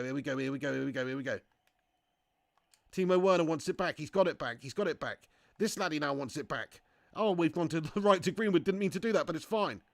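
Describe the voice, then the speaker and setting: A man streaming a football game live, commentating excitably and chatting with viewers. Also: a little high, no echo, clean studio sound. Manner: excitable, swearing, chatty banter. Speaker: gaming livestreamer.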